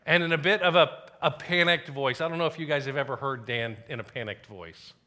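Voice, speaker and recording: Bright-voiced pastor telling a story. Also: male voice, a little high, fairly quick. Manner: conversational storytelling with dips to quiet asides. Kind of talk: sermon.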